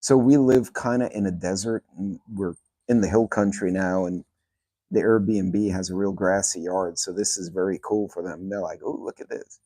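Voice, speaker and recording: A man's voice: sits low, steady tone, normal speed, mellow, no echo, studio quality. A man hosting a casual livestream from a grassy yard, reading names out of the chat and talking to his dogs. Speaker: channel host. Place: yard of a rental house, outdoors. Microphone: phone on speaker.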